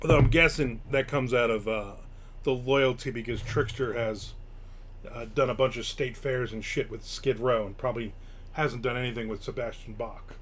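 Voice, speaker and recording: Male host, sarcastic, foul-mouthed, forceful tone. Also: mid-range voice, fairly even intonation, moderate pace, a little hiss or hum. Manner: profane, sarcastic grumbling. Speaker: podcast host. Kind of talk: casual live-stream chat.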